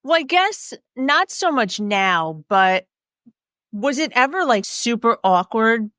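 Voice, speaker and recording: A woman hosting a podcast interview, relaxed, asking questions and reacting with laughter. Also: a little high, slow pace, dry recording, clean studio sound. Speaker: podcast host. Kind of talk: casual interview.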